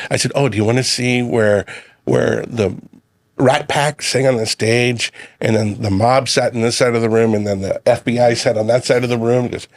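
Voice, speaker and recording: Relaxed middle-aged male guest, dry sound. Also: medium pitch, no room sound. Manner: relaxed storyteller, quotes his sons and himself. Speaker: guest, chef and community leader. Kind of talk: casual chat.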